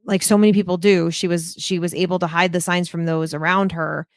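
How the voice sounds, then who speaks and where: A woman podcaster talking through a case in a thoughtful, hesitant way, often pausing on "um". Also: fairly low pitch, level tone, no room sound, clean studio sound. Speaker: true crime podcaster. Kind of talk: casual podcast discussion.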